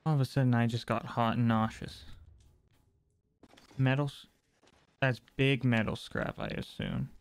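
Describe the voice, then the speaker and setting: A man's voice: medium pitch, expressive, measured pace, creaky, long pauses, clear, resonant tone. A man giving let's play commentary on a horror game, talking to himself, jumpy and wry as he explores. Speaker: gaming channel host.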